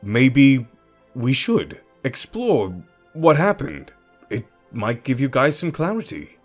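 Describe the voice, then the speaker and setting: A man voicing a charming young celebrity who speaks firmly but calmly in an audio story. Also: mid-range voice, slow pace, faint music behind, pitched above the performer's own voice, exaggerated voice. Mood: calming. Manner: firm, calm.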